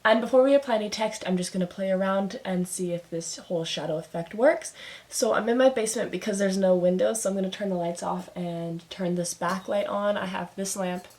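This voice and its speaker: A woman's voice: medium pitch, brisk, darkish tone. A young woman student chatting enthusiastically as she explains her project in a home basement. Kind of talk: casual explanatory video. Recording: echoey basement room.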